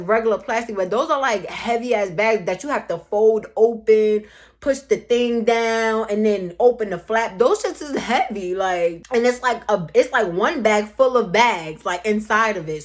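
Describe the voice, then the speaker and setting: Woman vlogger, slightly high voice, heated, profane storytelling. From Brooklyn, New York. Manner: blunt, profane, heated retelling. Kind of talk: casual storytime.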